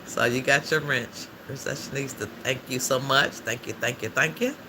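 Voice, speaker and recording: A man's voice: mid-range voice, normal speed. A man hosting a casual livestream, chatting freely and answering viewer comments aloud, laughing often. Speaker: livestream host. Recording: noisy background ambience.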